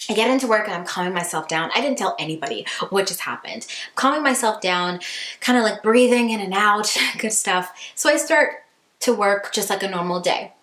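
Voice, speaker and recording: A woman vlogger telling a dramatic story in an animated way, indoors at home. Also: mid-range voice, brisk, reverberant. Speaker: beauty vlogger. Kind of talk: storytime vlog.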